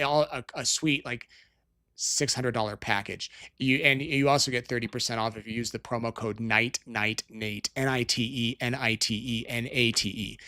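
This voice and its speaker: A middle-aged man hosts a live stream in a loose, casual chat. He rambles, restarts sentences and wanders off on tangents while answering viewer questions. His voice sits at an ordinary middle pitch. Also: sharp tone. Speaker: show host. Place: Utah.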